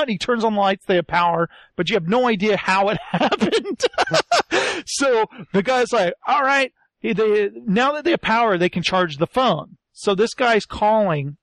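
Man, high voice, casual comedic recap, acts out quotes, dry close sound. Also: no room sound. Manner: animated storyteller, acts out quotes in put-on voices.

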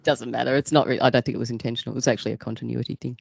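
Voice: mid-range voice, fairly even intonation, rapid-fire, creaky, breathy edge, dry recording. Dry-sounding podcast guest. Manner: points out film details, chuckles often. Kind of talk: casual movie review chat. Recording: dry, muffled podcast audio.

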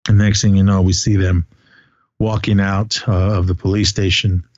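A man's voice: deep voice, flat delivery, moderate pace, a little mellow, no room sound. A man hosting a casual movie chat, retelling scenes in a rambling way with many restarts. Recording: dull lo-fi dry recording.

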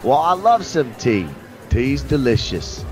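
A man voicing a clumsy, proper British gentleman in a bad mock British accent that drifts toward Australian, hammy and falling apart. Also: mid-range voice, big pitch swings, takes it slowly, loud music behind the voice.

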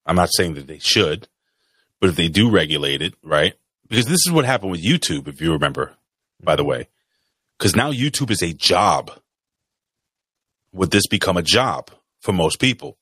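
A man's voice: low voice, animated, normal speed, pauses often, a bit bright, breathy edge, dry recording, clean studio sound. A man co-hosting a podcast, chatting bluntly and casually with profane banter. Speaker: podcast co-host.

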